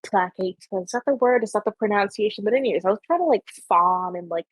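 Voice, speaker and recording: Young Canadian woman host, slightly husky, loose and rambling, lots of "like", dry close sound. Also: mid-range voice, quick pace, dry recording. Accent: Canadian, Ontario. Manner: rambling, heavy on filler "like". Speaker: podcast host. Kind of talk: casual chat.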